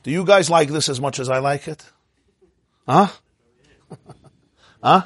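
A man's voice: fairly high pitch, measured pace, a bit bright, husky, no room sound. A man teaching an informal religious class, chatty and digressive, often laughing and quizzing his listeners. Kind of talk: informal Torah class lecture.

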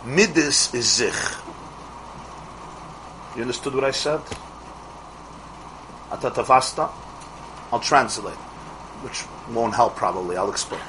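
A middle-aged man teaching a Torah class as a rabbi, asking rhetorical questions and restarting his phrases quickly. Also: mid-range voice, expressive, background noise.

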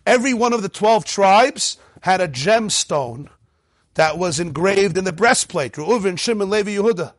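A man teaching a lively Torah class, reading Hebrew passages and acting out dialogues in changing voices. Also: high-pitched, normal speed, dry recording, studio quality. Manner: mixes Hebrew text readings with English explanation.

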